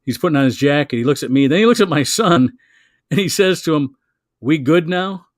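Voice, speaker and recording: A man's voice: a little high, animated, fast, no room sound, studio quality. A man in casual chat, telling a long anecdote in a rambling way with frequent restarts. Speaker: comedian.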